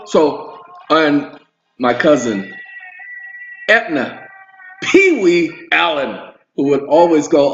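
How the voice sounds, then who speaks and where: A man speaks straight to his viewers in a rambling, emphatic monologue. His voice sits a little high. The sound is roomy and a bit dull, like a home recording. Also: big pitch swings, slow pace, long pauses, a little hiss or hum. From Southern US roots. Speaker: video host. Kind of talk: casual monologue to camera.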